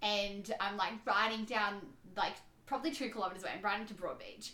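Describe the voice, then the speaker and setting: A young woman in her twenties, telling a story in a casual chat, animated and rambling with lots of "like". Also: medium pitch, brisk. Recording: roomy echoey room.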